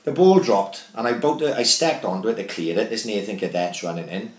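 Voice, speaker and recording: A man's voice: on the low side, brisk. A Welsh man, a former footballer, telling sweary stories in a casual podcast chat. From Wales. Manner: loose storytelling, heavy swearing. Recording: roomy echo.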